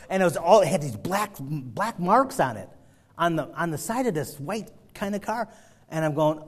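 A man with a high voice preaches a sermon, weaving in a personal story. He acts out his own panic with bursts of laughter, then builds to loud, urgent appeals. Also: sing-song, measured pace, husky.

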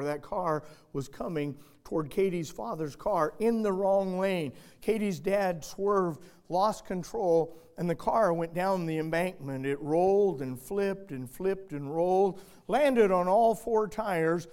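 A male pastor with a high, lifted voice preaches a sermon. He tells his story dramatically, rising to loud urgency and dropping to a hush. The delivery is animated and full of feeling.

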